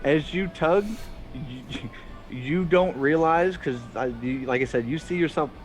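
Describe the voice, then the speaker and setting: A man's voice: fairly high pitch, unhurried, faint music behind, poor audio. A man narrating a tabletop game as game master, rambling and correcting himself as he goes.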